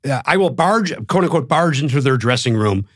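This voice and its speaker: A male comedian guest telling quick, self-mocking stories on a podcast. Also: medium pitch, expressive, no echo, studio quality. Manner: quick, self-mocking, bursts into put-on voices. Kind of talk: animated storytelling on a podcast.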